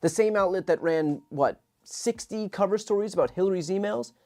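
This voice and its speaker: A woman's voice: mid-range voice, normal speed, dark tone. A woman political commentator in a played clip, complaining with a sarcastic edge.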